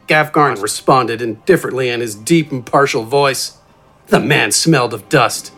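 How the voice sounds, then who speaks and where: A man narrating a fantasy story in an expressive, playful manner. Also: mid-range voice, normal speed, slightly rough, faint music behind.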